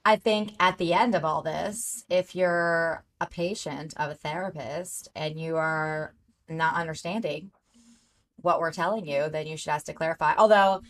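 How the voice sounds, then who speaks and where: A woman's voice: low voice, fairly even intonation, measured pace. A woman therapist co-hosting a casual podcast, explaining things earnestly and keen to teach, over a video call.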